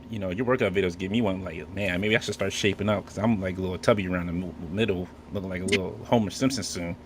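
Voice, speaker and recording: A man hosting a podcast, talking in an excitable, effusive and jokey way. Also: low-pitched, quick pace, a little hiss or hum. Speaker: podcast host. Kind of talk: casual chat.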